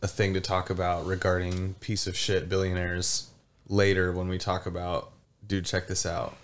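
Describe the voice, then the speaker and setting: A man with a very deep voice rambles through his points, full of "like" and "you know". Faint noise sits under the recording. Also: monotone, normal speed. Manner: rambling, filler-heavy. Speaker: podcast co-host. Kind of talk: casual chat.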